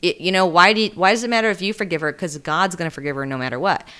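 A woman co-hosting a podcast, retelling a book in a casual, animated way and acting out quoted lines. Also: fairly low pitch, rapid-fire, clear, resonant tone. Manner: animated, acts out quoted lines, laughs often. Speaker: podcast co-host.

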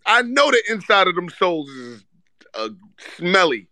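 A man co-hosting a casual live-audio chat, roasting a friend loudly and profanely with lots of laughter. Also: sits high, very animated, moderate pace, creaky, no echo. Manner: loud, profane, teasing roast with frequent laughter. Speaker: podcast co-host.

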